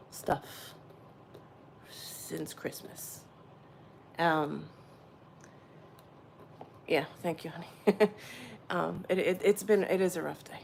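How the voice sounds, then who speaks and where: A woman's voice: lowish voice, vocal fry, a little mellow, a little hiss or hum. Chatty woman hosting a livestream. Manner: chatty, rambling, answers viewers' chat directly. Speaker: livestream host. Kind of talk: casual spiritual livestream chat.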